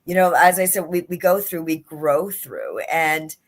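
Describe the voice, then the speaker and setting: Unhurried and low-pitched, this woman life and leadership coach gives an earnest motivational talk as a guest on a livestream interview via video call. She keeps circling back to her key phrases to drive them home.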